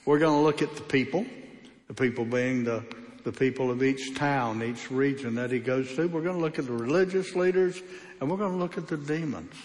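A man's voice: mid-range voice, fairly quick. A man preaching a sermon as pastor, emphatic and with a varied pace. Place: church. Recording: echoey church hall.

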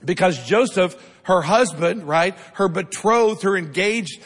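A male pastor preaching a sermon, emphatic, constantly checking in with the congregation and building up to shouted lines. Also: high-pitched, expressive, measured pace. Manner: keeps asking the congregation "right?". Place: church sanctuary. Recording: long reverb of a large hall.

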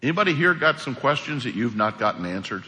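A man preaching a sermon as pastor, animated, acting out quotes as he preaches. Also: medium pitch, fast talker. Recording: echoey hall.

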